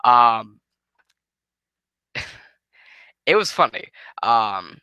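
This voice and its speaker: A tired man talks casually through a wrestling review, swearing and restarting his sentences as he goes. His voice sits at an ordinary pitch but has a very sharp, bright edge. The sound is close and dry. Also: sing-song, very slow, clean tone, dry recording. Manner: rambling, swearing, frequent restarts.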